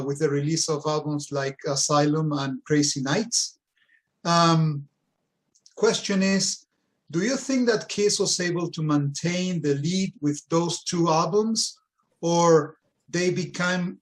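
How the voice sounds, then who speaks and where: A man hosting a podcast panel, posing questions in a measured way with many fillers. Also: fairly high pitch. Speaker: podcast host.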